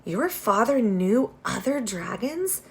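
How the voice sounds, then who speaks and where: A woman voicing a gentle, naive young male dragon who speaks earnestly and eagerly in a read-aloud storybook. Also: medium pitch, animated, unhurried. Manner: earnest, eager, a little wistful.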